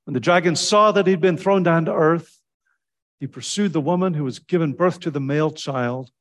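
Man preaching an animated sermon. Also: normal speed. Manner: animated storytelling with sudden pitch jumps when quoting; fillers and restarts, conversational preaching.

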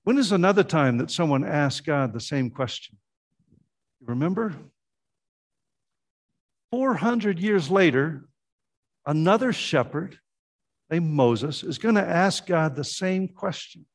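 A man's voice: a little high, animated, takes it slowly, pauses often. A man preaching a sermon as pastor, earnest and conversational, often restarting his phrases.

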